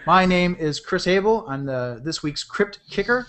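A man's voice: high-pitched, lively intonation, normal speed, few pauses, bright, forceful tone, slight background noise. A man co-hosting a comedy podcast, playful and goofy in his openers. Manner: playful, goofy, slips into bits. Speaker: podcast co-host.

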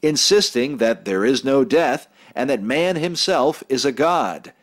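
A man giving measured, grave scripted narration for a documentary. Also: mid-range voice, lively intonation. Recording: narration over clear music.

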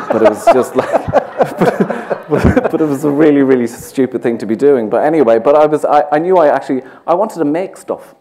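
On a theatre stage before an audience, a Dublin-accented playwright speaks in a slightly high, expressive, warm voice at a normal pace. His onstage conversation rambles and mocks himself, thick with fillers.

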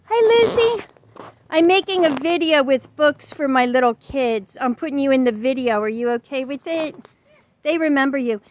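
A woman's voice: high voice, moderate pace, a little hiss or hum. A woman chatting casually to the camera, a parent making a reading video for her young children. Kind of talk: casual chat.

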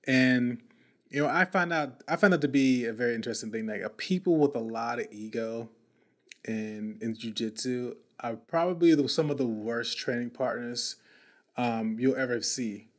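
A man's voice: medium pitch, moderate pace. A male podcast host telling a story in casual, slangy talk, often repeating and restarting words.

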